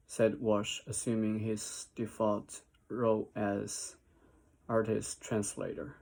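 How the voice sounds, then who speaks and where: A man with a deep, heavily gravelly voice reads a mystery novel aloud. He goes very slowly and haltingly, breaking off to read out word definitions. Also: monotone, darkish tone.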